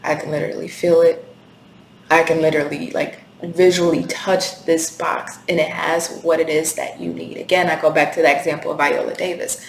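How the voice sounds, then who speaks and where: A woman's voice: deep voice, flat delivery, normal speed, creaky. A woman giving a candid, intense tarot reading to camera, swearing freely as she talks. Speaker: tarot reader. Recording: echoey room with faint hiss.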